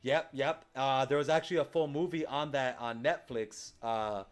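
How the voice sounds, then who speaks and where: A man's voice: medium pitch, moderate pace, clean tone. A man hosting a podcast in casual chat, loose and rambling with lots of fillers. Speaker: podcast host.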